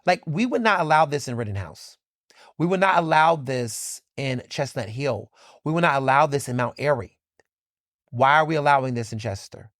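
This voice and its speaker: A man's voice: mid-range voice, fairly bright tone, no echo, clean studio sound. A man hosting his own podcast, giving fired-up commentary with emphatic repetition, swearing and many "like" fillers. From Philadelphia. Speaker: podcast host. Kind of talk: impassioned solo commentary.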